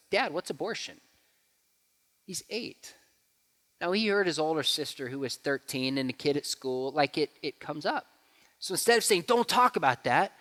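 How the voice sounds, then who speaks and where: Animated man in an echoing church hall. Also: medium pitch. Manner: animated storyteller who acts out quotes. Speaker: guest speaker. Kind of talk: church talk with Q&A. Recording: hall reverb.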